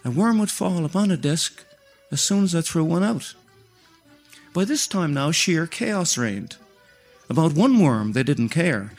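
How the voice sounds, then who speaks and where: An older man, a storyteller reciting a rhyming tale in a steady rhythm. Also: fairly high pitch.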